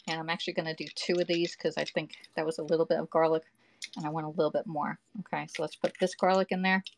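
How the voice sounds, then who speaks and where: A woman hosts a live cooking stream from her home kitchen, talking casually to viewers and reading their comments aloud. Her voice sits a little low. Faint background noise comes through her phone mic. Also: little pitch movement, fast, vocal fry. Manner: chatty, reads viewer comments aloud, talks to the audience with "y'all" and "okay".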